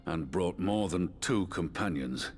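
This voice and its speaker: An actor playing a dignified, courteous commander in a game cutscene, speaking with formal, old-fashioned phrasing. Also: male voice, low voice, animated, a little slow, faint music behind.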